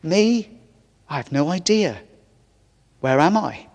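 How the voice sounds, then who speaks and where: A man's voice: on the high side, very animated, takes it slowly, creaky, a little mellow, full character voice. Guy doing a baffled plain bloke at heaven's gate, unsure, shruggy, church echo. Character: baffled, humble ordinary man arriving in heaven. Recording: echoey church hall.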